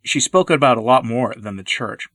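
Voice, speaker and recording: A man giving earnest, measured scripted commentary, stressing key words as he reads. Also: mid-range voice, expressive, a bit bright, no echo.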